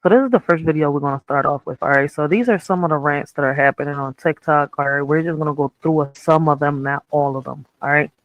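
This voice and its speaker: A woman's voice: sits low, fast, few pauses, no room sound, lo-fi sound. A woman hosting a reaction stream, blunt and profane, ranting casually and checking in with the audience often. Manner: blunt, profane, keeps saying "all right?". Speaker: streamer host.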